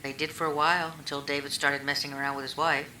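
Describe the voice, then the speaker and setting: A woman's voice: low-pitched, flat delivery, fast talker, bright, forceful tone. A woman answering questions in a recorded police interview, rambling and retelling old conversations with lots of fillers. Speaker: witness being questioned. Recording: echoey room recording, faint hiss.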